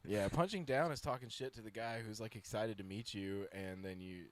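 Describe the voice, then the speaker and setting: A man's voice: on the low side, normal speed, dry recording. A man on a comedy podcast tossing in teasing, profane quips. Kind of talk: casual banter.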